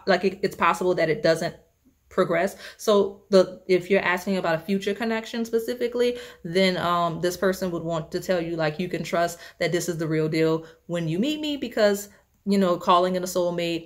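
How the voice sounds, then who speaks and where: A young woman giving a casual tarot reading, chatty and rambling, with many fillers and frequent laughs. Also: lowish voice. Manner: laughs often. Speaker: tarot reader.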